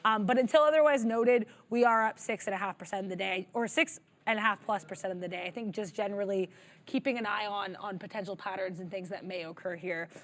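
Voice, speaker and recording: A woman with a medium-pitched voice talks fast as co-host of a live trading show. Her market commentary is chatty and upbeat, full of fillers, and she reads viewer messages aloud.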